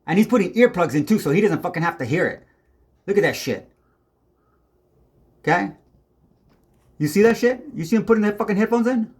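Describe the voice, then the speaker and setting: His high, animated, slightly mellow voice moves briskly but breaks into long pauses. He's a tenant filming a neighbor with a handheld camera, ranting angrily to the lens with nonstop swearing and rambling, agitated talk.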